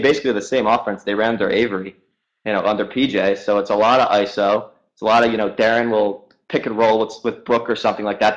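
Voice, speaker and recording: A man who is a guest sports reporter, talking very quickly in a casual chat and leaning on lots of "I mean"s. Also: on the low side, lo-fi sound. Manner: talks very fast, many "I mean"s.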